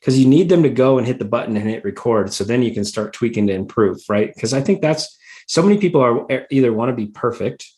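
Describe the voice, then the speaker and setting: Man, podcast host, mid pitch, rambling questions, lots of fillers, video call. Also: lively intonation, fast talker, mellow. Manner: rambling multi-part questions full of fillers. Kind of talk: casual interview chat.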